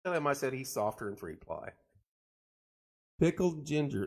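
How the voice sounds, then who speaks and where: Animated middle-aged man chatting casually. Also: mid-range voice, a little slow, pauses often. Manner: joking, rambling, animated storytelling. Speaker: host of a live chat show. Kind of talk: casual live-stream chat reading viewer comments.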